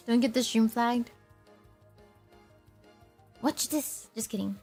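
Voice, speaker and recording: Young woman streamer rambling and giggling, high voice, takes her time, faint music behind. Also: a little mellow. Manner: giggly, rambling, self-teasing, laughs often. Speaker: VTuber streamer. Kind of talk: casual livestream chat.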